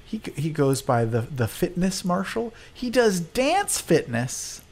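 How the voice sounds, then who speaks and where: Lively, low-voiced woman chatting. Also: unhurried. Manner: bubbly, laughs often, asks lots of questions. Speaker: co-host. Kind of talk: casual chat.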